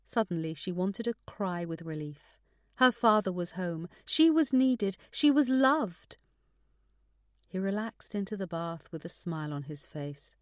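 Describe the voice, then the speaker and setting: A woman narrates a suspense audiobook in a measured, steady storytelling style. Her voice sits a little low and sounds dry and close, with no room around it. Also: dry recording. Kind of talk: scripted narration.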